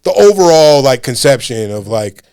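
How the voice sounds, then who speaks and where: A man who is a stand-up comedian, talking in a casual podcast chat with animated, profane, laughing riffs. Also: mid-range voice, moderate pace, clean tone, no room sound.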